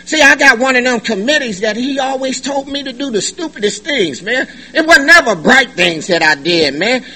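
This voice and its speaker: A middle-aged man giving a personal testimony at a recovery meeting, animated and joking, in loose slangy talk. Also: very high voice, moderate pace, poor audio. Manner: animated, joking, colloquial, laughs often. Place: meeting room.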